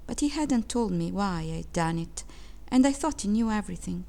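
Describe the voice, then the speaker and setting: Woman narrator, measured and expressive, reading literary fiction. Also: mid-range voice, creaky. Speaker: reader.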